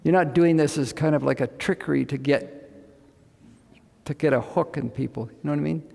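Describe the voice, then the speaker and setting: A man's voice: fairly high pitch, a little fast, vocal fry, darkish tone, long reverb tail. A man speaking as a medical missionary, giving a casual, folksy talk to a group in a room. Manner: chatty, folksy, often asks "you know what I mean". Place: indoor gathering with a live audience.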